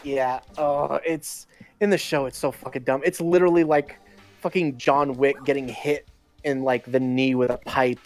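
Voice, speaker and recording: A man's voice: medium pitch, fairly even intonation, moderate pace, faint music behind. A man chatting casually on a gaming stream, ranting with plenty of swearing. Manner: profane, ranting.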